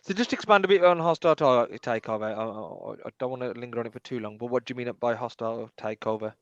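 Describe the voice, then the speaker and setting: Smooth-voiced man on a dull line. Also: mid-range voice, fast talker, no room sound. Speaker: podcast co-host. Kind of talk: casual football podcast chat. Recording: dull dry lo-fi sound.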